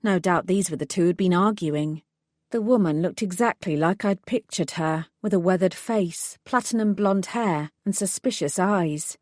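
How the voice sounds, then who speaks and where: A woman's voice: lowish voice, darkish tone, dry recording, studio quality. Woman narrating a wry audiobook. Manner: measured, wry storytelling. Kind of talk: scripted first-person narration.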